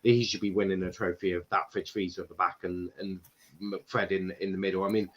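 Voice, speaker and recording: A man's voice: deep voice, little pitch movement. Irish man hosting, dull lo-fi sound. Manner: laughs often, quick restarts. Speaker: podcast host reading chat. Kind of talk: casual football chat.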